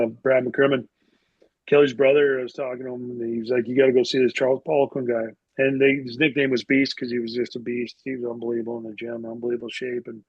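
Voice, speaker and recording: Man, husky, middle-aged, from Canada, rambling casual storytelling, dry close sound, dull lo-fi. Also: medium pitch, dry recording. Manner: rambling, lots of "like" and restarts. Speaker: guest, retired hockey player.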